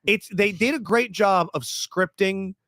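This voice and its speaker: Kinda high-voiced guy cohosting a podcast, swears a lot, animated storyteller, dry studio mic. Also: a little slow, no echo. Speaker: podcast co-host. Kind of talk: casual chat.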